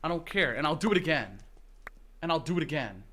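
A man's voice: a little high, lively intonation, fairly quick, heavy background noise. A man livestreaming a game, chatting with viewers and thanking them for support, swinging between muttering and shrieking. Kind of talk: casual gameplay livestream chat.

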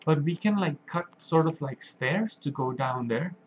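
Over a noisy background, a man with a fairly high, animated voice walks young children through his video game. His gentle narration is slow and plain, full of questions aimed at his little viewers, in the style of a kids' game streamer.

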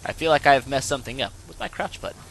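A young man hosting a gaming channel, giving excitable let's-play commentary and yelping when things go wrong. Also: mid-range voice, racing, slight background noise. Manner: excitable, yelps and laughs when in trouble.

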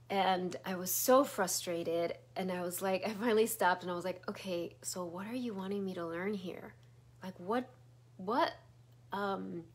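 Middle-aged woman, spiritual teacher, soft meandering delivery with whispered asides. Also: fairly low pitch, slightly rough. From Chicago area. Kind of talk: guided spiritual talk.

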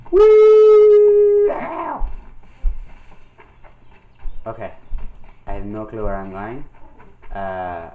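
A man's voice: on the low side, a little hiss or hum. A young man giving casual, jokey commentary over a video game, yelping and putting on silly voices as he plays. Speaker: gameplay commentator. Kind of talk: casual let's-play commentary. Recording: dull lo-fi mic with game music.

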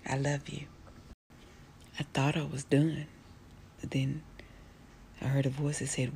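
A middle-aged woman giving a slow, gentle, affectionate motivational talk to the listener. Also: a bass voice, little pitch movement, vocal fry. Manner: slow, soft, affectionate, drawling speech with many endearments. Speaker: motivational speaker. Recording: faint background noise.

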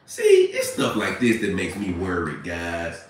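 A man's voice: low voice, wildly swooping pitch, unhurried, recorded from a distance. A man hosting a casual live stream, chatting with viewers and laughing often. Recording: echoey room, away from mic.

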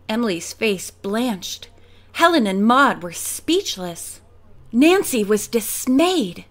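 A woman narrating a mystery audiobook in a clear, steady storytelling manner. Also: on the high side, slow pace. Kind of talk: audiobook reading.

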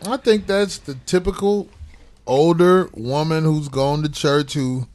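Wry man with a slightly high voice. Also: a little slow, darkish tone. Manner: wry, teasing. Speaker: co-host. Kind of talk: casual comedic chat.

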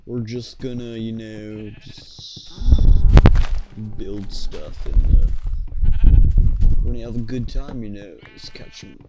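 Guy doing a chill surfer bro voice, slow and rambling, lots of hiss behind. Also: medium pitch. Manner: drawling, rambling, says bro and gnarly. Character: laid-back surfer dude, young man.

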